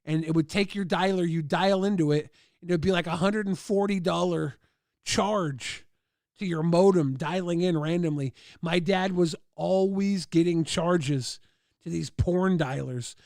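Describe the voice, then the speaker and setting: A man's voice: sits high, unhurried, darkish tone, dry recording, clean studio sound. A man hosting a livestream, rambling through crude anecdotes with loose fillers and acting out other people's lines in raised voices. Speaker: livestream host. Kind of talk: casual storytelling.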